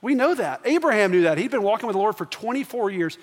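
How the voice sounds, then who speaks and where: A man's voice: high voice, expressive, fast. A man in his thirties preaching a sermon as pastor, telling family stories in a conversational way and building to emphatic questions. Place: church sanctuary. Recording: long church reverb.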